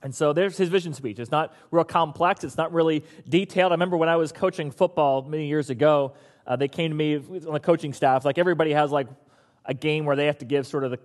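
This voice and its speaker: A middle-aged man preaching a sermon in a conversational, humorous way, with lively bursts. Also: on the high side, fast. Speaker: pastor.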